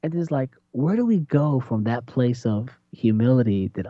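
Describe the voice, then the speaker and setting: A man co-hosting a faith talk, preaching in an animated, conversational way and acting out quotes. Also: mid-range voice, normal speed, few pauses, dry recording. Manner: animated, laughs often, acts out quotes. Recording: dry, slightly dull lo-fi sound.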